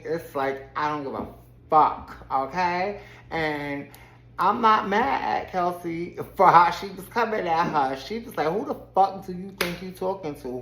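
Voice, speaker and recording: A woman's voice: deep voice, reverberant, poor audio. A woman giving a casual, sassy recap of a reality TV episode with her own commentary, laughing often as she tells it. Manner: sassy, expressive storyteller who laughs often.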